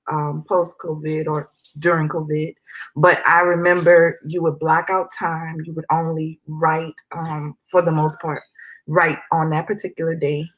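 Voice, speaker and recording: A woman hosting an interview, admiring and unhurried as she introduces her guest. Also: sits low, rough recording. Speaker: interview host. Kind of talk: casual interview.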